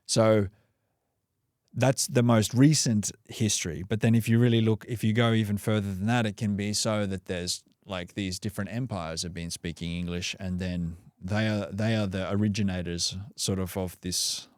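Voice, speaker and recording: A man's voice: fairly low pitch, steady tone, moderate pace, dry recording, clean studio sound. An Australian man talking as a podcast guest in a loose, rambling way, full of fillers and restarts. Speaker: podcast guest, breathwork coach. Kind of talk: casual conversational interview.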